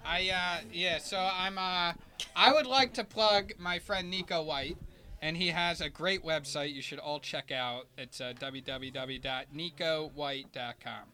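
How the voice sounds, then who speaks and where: A man with a fairly high, very bright and sharp voice joins a podcast chat. He laughs easily and hesitates a lot, filling gaps with ums. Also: measured pace. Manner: laughs easily, hesitant filler-heavy delivery. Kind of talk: casual group chat.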